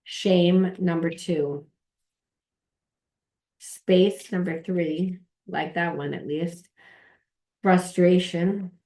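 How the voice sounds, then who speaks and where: A woman's voice: on the low side, steady tone, very slow, long pauses, mellow. A woman giving a casual tarot reading, rambling, repeating herself and swearing offhandedly. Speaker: tarot reader and trauma coach.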